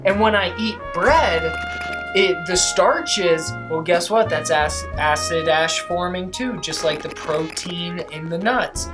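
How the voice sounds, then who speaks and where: Low-voiced, profane, emphatic young woman. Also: slow, music in the background. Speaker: vlogger. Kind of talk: casual motivational monologue.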